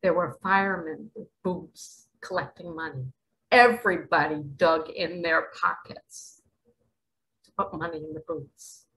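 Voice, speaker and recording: A woman's voice: low voice, measured pace, fairly bright tone, rough recording. A middle-aged woman giving impassioned spiritual commentary, emphatic and dramatic, sometimes dropping to a whisper. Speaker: spiritual vlogger.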